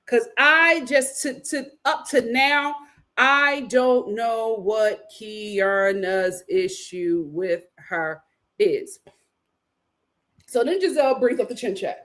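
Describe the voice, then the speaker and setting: Casting: high-voiced, very expressive woman host, for a chatty recap show. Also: measured pace. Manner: animated, acts out cast members' lines with big vocal swings. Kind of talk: casual recap commentary.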